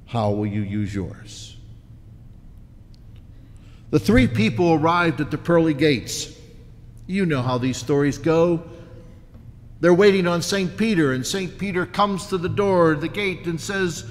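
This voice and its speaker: A man's voice: on the high side, lively intonation, measured pace. Man preaching in an echoing church. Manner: storytelling, folksy. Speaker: pastor. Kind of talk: sermon. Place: church sanctuary. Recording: long church reverb.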